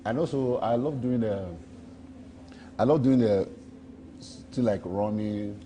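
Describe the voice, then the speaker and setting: A man's voice: lowish voice, slow, dark tone, a little hiss or hum. A Nigerian man in a street interview, rambling playfully and boasting, repeating his phrases.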